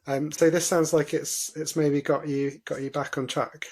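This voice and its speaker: A man's voice: a little high, flat delivery, normal speed, a little mellow, slight background noise. A man co-hosting a podcast, talking in a thoughtful, hesitant way with frequent ums. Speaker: podcast co-host. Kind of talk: casual chat.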